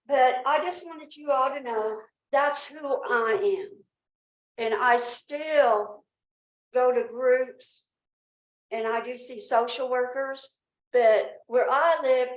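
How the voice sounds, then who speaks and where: A woman's voice: on the high side, reverberant, rough recording. Nervous rambling Southern woman. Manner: rambling, nervous, speech difficulty. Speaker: resident speaking at public comment. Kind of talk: emotional personal account. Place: town council meeting room.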